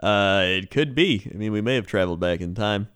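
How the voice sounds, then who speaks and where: A man delivers mock weather and sports reports in a laid-back, joking podcast banter. His voice sits fairly low. His delivery stays easygoing and casual throughout. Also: a little fast, fairly bright tone, clean tone. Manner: laid-back, joking, frequent laughs and fillers.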